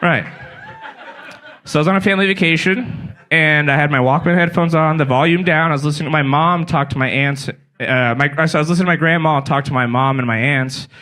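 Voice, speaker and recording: Man in his twenties doing stand-up. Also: a little high. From California. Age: 20s. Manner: deadpan storytelling with acted-out quotes. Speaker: stand-up comedian. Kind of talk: stand-up set. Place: small comedy venue with a live audience.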